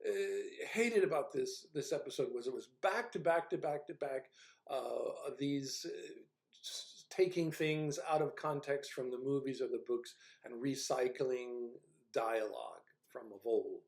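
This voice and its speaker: A man's voice: medium pitch, gravelly, a little mellow, echoey room. A man giving casual spoken commentary as a video reviewer, rambling and hesitant with a wry, grumbling manner. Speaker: video essayist reviewing a TV series.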